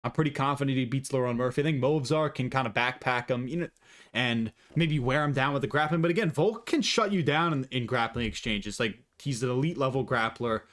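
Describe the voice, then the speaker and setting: A man's voice: mid-range voice, fairly quick, fairly bright tone. A man talking casually and profanely through his predictions, rambling and opinionated, on a desk mic. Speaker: MMA commentator vlogger.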